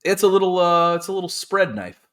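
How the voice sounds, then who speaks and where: A man, co-hosting a casual podcast and talking in a relaxed, easygoing way. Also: high-pitched, fairly quick. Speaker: podcast co-host. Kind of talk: casual chat.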